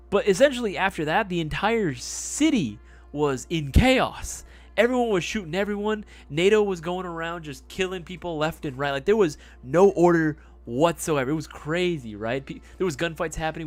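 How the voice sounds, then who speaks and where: A young man telling a story on a live stream in a rambling, casual way, with lots of fillers and swearing. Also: fairly high pitch.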